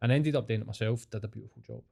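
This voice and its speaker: A man's voice: mid-range voice, rapid-fire, gravelly, a little mellow. A man with a Scottish accent, hosting a podcast as a casual chat and telling rambling, sweary stories. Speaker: podcast host.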